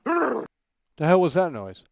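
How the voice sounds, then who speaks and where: A man's voice: high voice, wildly swooping pitch, takes it slowly, gravelly, dry recording. A man hosting a casual livestream talk show, hyping viewers with repeated catchphrases and rambling through opinions with many restarts. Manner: emphatic hype shout-outs with repeated catchphrases; rambling, with frequent restarts and fillers.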